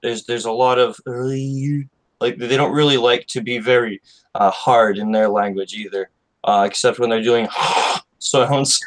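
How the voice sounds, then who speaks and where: Relaxed man, native English co-host. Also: mid-range voice, unhurried, poor audio. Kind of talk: casual chat.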